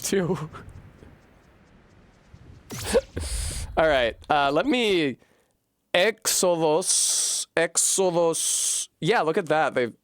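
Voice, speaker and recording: A man streaming a video game, chatting casually, thinking aloud as he sounds out foreign words and swearing freely. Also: medium pitch. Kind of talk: casual live-stream gaming commentary.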